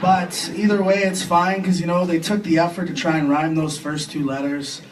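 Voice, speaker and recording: A young Canadian man doing a crude, self-deprecating stand-up comedy set on a club stage, with quick impressions between punchlines. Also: a little high, level tone. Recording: distant club recording with faint room noise.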